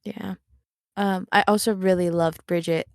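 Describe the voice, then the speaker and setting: A woman's voice: mid-range voice, fairly even intonation, a little slow, creaky, dry recording, studio quality. A woman chatting casually on a podcast panel, giggly and blunt, swearing freely. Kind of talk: casual chat.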